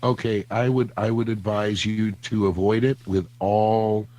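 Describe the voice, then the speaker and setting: A man on a casual book podcast, speaking deliberately with dry humor. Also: lowish voice, level tone, warm tone, low-quality recording. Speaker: podcast co-host.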